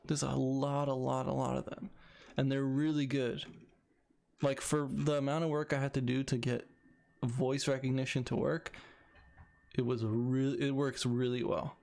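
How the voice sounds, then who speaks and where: A young man chats casually about his coding project, thinking aloud and often restarting his sentences. His voice has a gravelly edge and sits at an ordinary pitch. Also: little pitch movement, moderate pace, darkish tone. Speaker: video creator.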